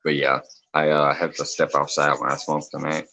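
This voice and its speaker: A man's voice: rumbling low, flat delivery, normal speed, gravelly, pushed and bright, low-quality recording. A man hosting a casual late-night livestream chat, reading comments aloud, laughing often and swearing freely. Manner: loose, joking, swears freely. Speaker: livestream host.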